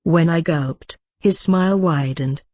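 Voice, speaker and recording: Low-voiced woman reading a novel aloud. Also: slow, a little mellow, no echo, clean studio sound. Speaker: audiobook reader. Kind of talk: first-person novel narration.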